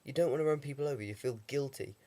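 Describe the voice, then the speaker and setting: A man's voice: mid-range voice, quick pace, dark tone. A young man with a heavy cold, talking through a casual video diary with dry, rambling humour and lots of ums. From England. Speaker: vlogger.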